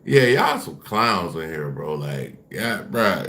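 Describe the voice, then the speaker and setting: A man's voice: deep voice, big pitch swings, slow pace, fairly bright tone. A man on a casual livestream, taunting and dismissing his chat while repeating himself.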